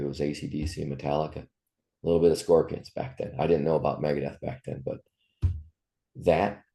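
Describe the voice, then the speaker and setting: A man in his fifties speaks from an extremely low register, his voice thick with gravel. The tone is dark and mellow. He tells personal stories in an interview in a raw, profane, heartfelt way. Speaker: musician guest. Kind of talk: candid interview storytelling.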